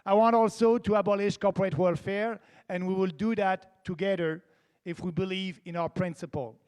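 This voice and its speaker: A man with a Québécois French accent, whose first language is French, delivers an earnest, emphatic debate statement. His voice sits quite high for a man. It rings with a long reverb, as if heard in a large debate hall. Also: steady tone, moderate pace, darkish tone, clean tone. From Quebec, Canada. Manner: earnest, emphatic, stresses key words. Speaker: political candidate.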